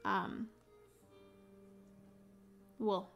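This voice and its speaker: A young adult woman hosting a board game livestream, chatting casually, reading viewer comments aloud and explaining rules with frequent ums. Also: very slow. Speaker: livestream host playing a solo board game. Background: faint background music.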